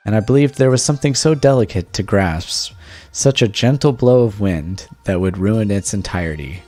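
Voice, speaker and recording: A man's voice: fairly low pitch, normal speed, darkish tone, faint music behind, close to an everyday voice. Man reading as a bewildered young husband. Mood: brooding. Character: confused young husband waking from a coma.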